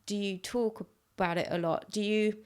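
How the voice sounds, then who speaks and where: A woman's voice: mid-range voice, fairly even intonation, a little mellow, clear, resonant tone. A woman hosting her own podcast, talking frankly and casually on her own, often acting out little exchanges. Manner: frank, chatty, with quick restarts and acted-out quotes. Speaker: podcast host. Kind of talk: casual solo podcast monologue.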